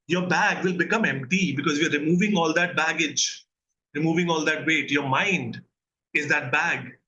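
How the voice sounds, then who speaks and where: The recording has its highs cut off, and the man's voice is on the high side, pushed and bright. He's a therapist with an Indian English accent delivering an earnest recorded mental health lesson, regularly checking in with listeners and asking them questions.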